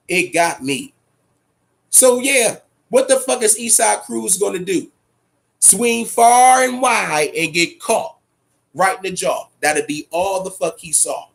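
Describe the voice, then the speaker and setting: Male boxing host with a raspy, high-pitched voice; swears freely and hammers his points home. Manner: profane, emphatic, repeats himself. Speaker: boxing talk show host. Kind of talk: casual boxing commentary rant.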